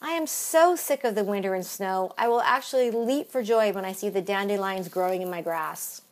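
A woman's voice: medium pitch, normal speed, lightly acted. A chirpy woman, played by a woman, folksy and proud of her home team. She talks in an easygoing way and drops eh and you betcha freely. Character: chirpy Canadian woman, hockey-loving, says eh.

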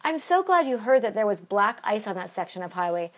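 A woman's voice: medium pitch, big pitch swings, fairly quick, natural voice. A woman voicing a chirpy, hockey-loving woman, speaking in a folksy way. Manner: folksy, peppered with eh and you betcha.

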